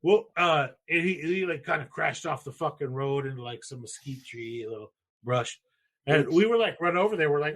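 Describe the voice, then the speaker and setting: A man's voice: on the high side, expressive, moderate pace, a bit bright. Profane rambling storyteller man. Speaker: podcast host. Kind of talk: casual storytelling.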